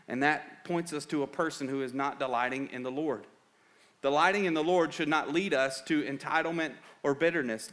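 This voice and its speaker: A man preaching a sermon in an earnest tone, rising to loud urgent emphasis and dropping to quiet reflection, often repeating words as he builds a point. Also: a little high. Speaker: pastor.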